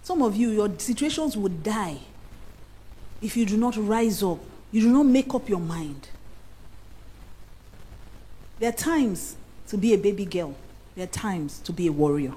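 A woman with a Nigerian accent preaching a sermon, playful and animated, dropping into pidgin asides. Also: medium pitch, moderate pace, slightly rough, low-quality recording.

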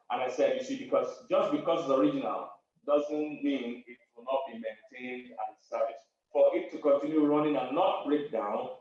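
A man's voice: medium pitch, a little hiss or hum. A man, a pastor and marriage counselor preaching to an online audience. He stresses his points, repeats key phrases and laughs between them. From Africa. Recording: very echoey room, distant muffled mic.

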